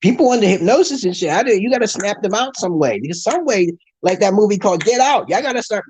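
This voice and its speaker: A man's voice: high-pitched, animated, quick pace, a little mellow, a little hiss or hum, poor audio. A man delivering a rambling monologue to his viewers, ranting with heavy swearing and frequent restarts. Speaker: channel host.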